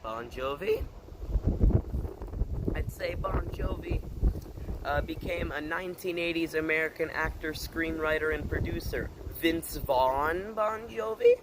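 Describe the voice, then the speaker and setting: Rambling higher-voiced man, noisy background. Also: a little slow, long pauses. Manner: rambling, hesitant with many fillers, deadpan pun jokes. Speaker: channel host. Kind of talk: casual vlog chat.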